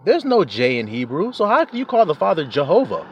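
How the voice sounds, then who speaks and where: A man's voice: fairly high pitch, huge pitch swings, brisk, dull audio, slight background noise. A man preaching in a casual, emphatic way, cursing freely and chuckling often. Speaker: religious teacher. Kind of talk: informal preaching rant.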